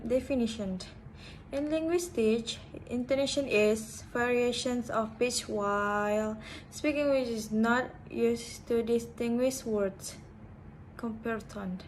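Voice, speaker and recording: A woman's voice: on the high side, a little hiss or hum, low-quality recording. A young woman student giving a class presentation on linguistics, hesitant and full of fillers and restarts. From Indonesia. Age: young adult.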